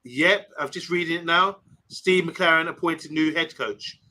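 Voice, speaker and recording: This is a chatty man hosting a live stream, reading viewer comments aloud and wandering between topics. His voice is bright and sits a little high. He keeps it casual and rambling. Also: measured pace, rough recording. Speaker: host.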